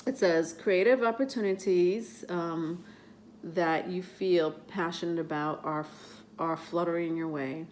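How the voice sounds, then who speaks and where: Slow, chatty woman reading tarot. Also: fairly low pitch, a little mellow, slight background noise. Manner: chatty, many fillers and restarts, reads card texts aloud haltingly. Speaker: tarot reader. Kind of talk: casual tarot reading vlog.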